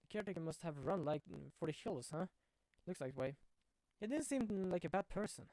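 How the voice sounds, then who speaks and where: A man's voice: high-pitched, expressive, fairly quick, dark tone, no room sound. Man voicing a chatty, eager young sidekick girl. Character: bubbly young woman sidekick, curious and chatty.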